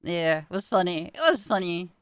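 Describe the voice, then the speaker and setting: A woman's voice: on the low side, big pitch swings, normal speed, clear, resonant tone, no echo, studio quality. A young woman streaming, chatting casually with her viewers, giggling often and swearing freely. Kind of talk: casual chat.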